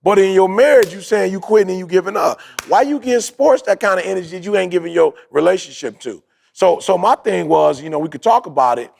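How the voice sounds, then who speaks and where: A man's voice: high-pitched, expressive, fairly quick, creaky, darkish tone, slight background noise. A man hosting a podcast, telling a story in a casual motivational way, acting out quotes and repeating his points. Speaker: podcast host.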